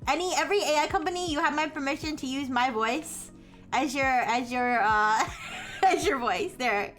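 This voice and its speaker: Young woman, streamer, casual chat, high voice, rambling with restarts, faint music behind. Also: normal speed, a bit bright. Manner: rambling, full of "like" and restarts, laughs often.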